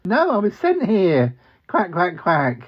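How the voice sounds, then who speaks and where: A man's voice: high-pitched, wildly swooping pitch, takes it slowly, husky, lo-fi sound, heavily acted. A man voicing a bumbling, cheerful male talking duck who quacks between sentences and stammers. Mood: chirpy. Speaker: regular comedy character.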